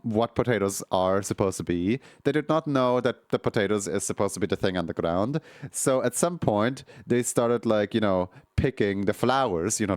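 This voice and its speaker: A man's voice: fairly low pitch, dry recording, studio quality. A man streaming, telling a long rambling story in casual chat, full of fillers, restarts and laughs at his own jokes.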